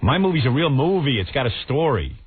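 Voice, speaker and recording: Blunt radio host with slight New York accent. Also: male voice, medium pitch, sing-song, a little fast. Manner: blunt, sarcastic. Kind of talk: casual radio banter. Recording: tinny phone-like radio audio, faint hiss.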